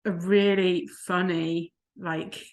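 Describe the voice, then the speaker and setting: This woman, a life coach co-hosting a vlog, has a lowish voice, a flat delivery, and a slow pace. Her accent is non-American but hard to place, and she chats casually, telling stories and laughing often.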